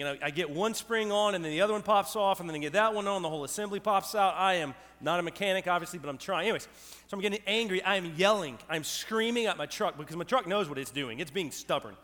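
A middle-aged man preaching a sermon, animated and storytelling, asking the crowd questions. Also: high voice. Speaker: pastor. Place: church hall with live audience. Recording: long hall reverb.

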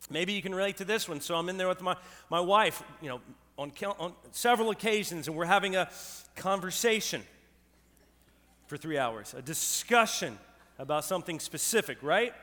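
A middle-aged man preaching a sermon, animated and storytelling, asking the crowd questions. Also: high-pitched, moderate pace. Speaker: pastor. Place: church hall with live audience. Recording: long hall reverb.

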